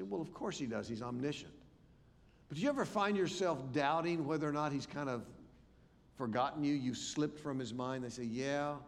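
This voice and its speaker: An older man preaching at a conference, telling a story with lively acted-out voices. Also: fairly high pitch. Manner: animated storytelling, acts out quoted voices. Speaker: pastor. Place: large church or conference hall. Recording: long hall reverb.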